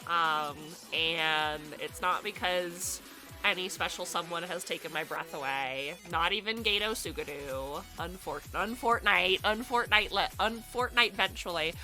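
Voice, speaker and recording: A young woman streamer chatting casually and excitedly, a little out of breath and stuffy-nosed. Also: lowish voice, unhurried, soft background music. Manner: bubbly, chatty, excitable greetings. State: stuffy nose. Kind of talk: casual live-stream chat.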